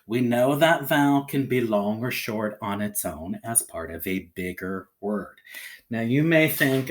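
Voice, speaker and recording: A man teaching a phonics lesson to young children, sounding out each letter patiently and checking in cheerfully. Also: a little slow. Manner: lively pitch, rising on cheerful check-ins.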